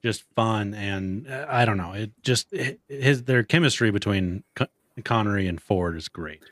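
Brief: young male podcast co-host, lowish voice, dry close sound, animated movie chat. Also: normal speed, dry recording. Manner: animated, acts out movie quotes in a high voice. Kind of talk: casual movie discussion.

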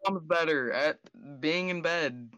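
A man's voice: fairly high pitch, a little slow, bright, forceful tone, clean tone, no echo. A man co-hosting a casual podcast while playing a mobile game, firing off crude, cursing banter. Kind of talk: casual gaming chat.

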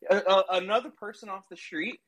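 A man's voice: high voice, fairly quick, a bit bright, lo-fi sound. A man in casual argumentative banter on a call, lecturing his co-host in a mock-patient tone. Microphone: remote call mic.

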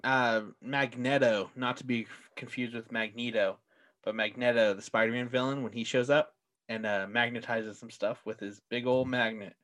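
A man's voice: mid-range voice, steady tone, moderate pace, a bit bright. A man in a casual podcast chat who cuts in with short, dry one-liners and brings the talk back to the topic. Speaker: podcast co-host.

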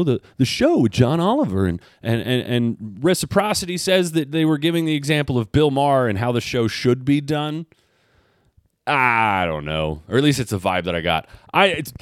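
A man's voice: medium pitch, a little mellow, dry recording, studio quality. A man hosting his own podcast, talking alone in sarcastic, rambling rants with some swearing. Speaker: podcast host. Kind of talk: casual solo commentary.

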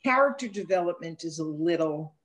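Woman, casual panel chat, animated storyteller, lively pitch range. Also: fairly quick.

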